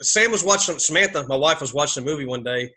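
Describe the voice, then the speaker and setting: A man's voice: on the high side, animated, fast talker, bright, forceful tone. A man with a Texan accent hosting a podcast, talking in an enthusiastic, rambling way and laughing often. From Texas. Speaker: podcast host. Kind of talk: casual podcast chat.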